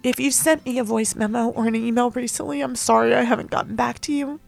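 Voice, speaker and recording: A woman hosts her own podcast and tells a personal story in a loose, rambling monologue. Her voice sits a little high and carries a gravelly, fry-edged texture. She speaks candidly and emotionally, with the odd casual curse. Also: steady tone, fast, faint music behind. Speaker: podcast host.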